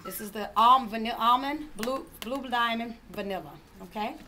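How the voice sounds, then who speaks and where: A woman's voice: fairly high pitch, normal speed, bright, forceful tone. Chatty woman demonstrating matcha from afar. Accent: African American Vernacular English. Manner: chatty, laughing, addresses group as y'all. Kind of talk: live cooking demonstration. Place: room with a group, kitchen sounds. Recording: distant mic with room noise.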